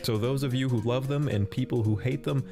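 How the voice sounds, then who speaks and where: A man's voice: mid-range voice, fairly even intonation, a little fast. A man reading a scripted comedic narration in a blunt, sarcastic, profane way. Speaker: video essay narrator. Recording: voice-over with music bed.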